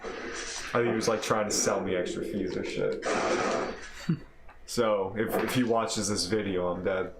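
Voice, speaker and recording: A man's voice: fairly low pitch, steady tone, measured pace, pauses often. A young man chatting casually on a gaming stream, rambling and repeating himself. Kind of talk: casual chat. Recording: echoey room with faint hum.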